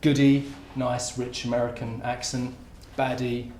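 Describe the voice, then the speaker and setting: A man's voice: mid-range voice, level tone, a little slow, a little mellow, a little hiss or hum. A man giving a conference talk in a lecture room, in an informal, conversational way. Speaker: academic speaker. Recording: roomy lecture hall with faint ambience.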